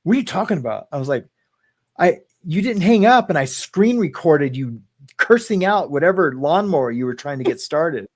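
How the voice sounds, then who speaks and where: A man co-hosting a casual chat, rambling through stories with halting restarts and frequent laughter. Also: on the high side, animated, no room sound. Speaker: co-host.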